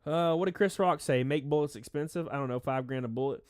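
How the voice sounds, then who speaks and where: A man's voice: a little high, fast, no room sound, clean studio sound. A man hosting a casual livestream, rambling and reading out chat names, stuffy-nosed and a little out of breath. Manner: rambling, reads chat names aloud, shouts out donors. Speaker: livestream host.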